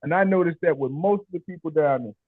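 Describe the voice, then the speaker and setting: A chatty man tells rambling stories on a video call, raising his voice to act out the people he quotes. His voice sits a little high, and the sound is thin and phone-like, as if heard down a call line. The audio is dry, with no room echo. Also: quick pace. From Chicago area. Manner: rambling storyteller, acts out quotes in raised voices. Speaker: meeting participant. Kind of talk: casual video call chat.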